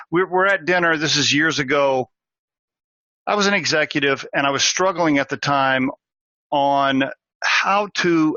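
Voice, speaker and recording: A man in middle age talks through a story on his career podcast, his voice bright and forward. He speaks earnestly, often restarting a phrase. The recording is close and dry, with a slightly dull, muffled top end. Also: medium pitch, no room sound. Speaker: podcast host, recruiter. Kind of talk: solo podcast monologue.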